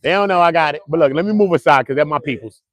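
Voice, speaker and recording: Guy hosting a live stream, loud slangy storyteller, slightly raised pitch, dry close sound. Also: racing, no room sound. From Brooklyn, New York. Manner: boisterous, slangy storytelling with frequent laughs. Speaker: livestream host. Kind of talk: casual live-stream chat. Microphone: clip-on mic.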